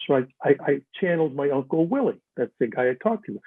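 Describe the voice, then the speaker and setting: A man's voice: a little high, animated, fast, slightly rough, no echo. An older man chatting as a guest, telling stories animatedly and slipping into other voices for quotes. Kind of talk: casual storytelling chat. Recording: dry, tinny phone-like line.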